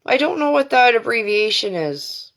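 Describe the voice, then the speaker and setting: A woman's voice: on the high side, very animated, normal speed, vocal fry, fairly bright tone. A Canadian woman hosting a live stream, ranting in a profane, defiant way with many fillers. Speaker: livestream host. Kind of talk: angry livestream rant. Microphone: phone or webcam on a live stream.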